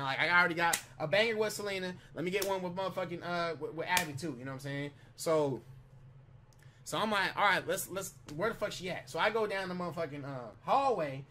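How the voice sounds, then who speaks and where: A man with a high, bright voice recounts a story in a loose, rambling vlog style. He swears freely, restarts sentences and keeps checking in with the listener. A faint noise sits behind him. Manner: rambling, profane, repeats "you know what I'm saying"; animated retelling with quick restarts. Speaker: vlogger. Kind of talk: casual storytelling.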